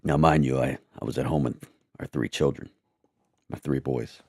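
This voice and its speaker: A man telling a personal testimony in a halting, repetitive, earnest way. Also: a bass voice, fairly even intonation, vocal fry, slightly rough, dry recording, clean studio sound.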